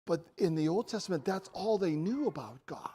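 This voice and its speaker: A man preaching a sermon in a church, earnest, moving between quiet intimate passages and emphatic raised lines. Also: sits high, expressive, moderate pace, breathy edge. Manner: earnest, swings from soft to emphatic.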